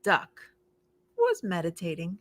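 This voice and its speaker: A woman, a children's librarian, reads a picture book aloud for preschoolers in an animated, expressive way, playing up the sounds for children. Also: fairly low pitch, takes it slowly, no room sound. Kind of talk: storytime read-aloud for preschoolers.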